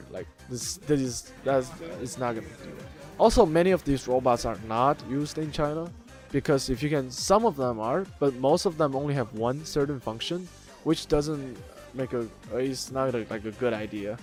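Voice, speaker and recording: A man hosting his own channel, chatting casually as he explains internet memes, with plenty of fillers and restarts. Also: mid-range voice. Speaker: YouTube host. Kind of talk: casual meme commentary.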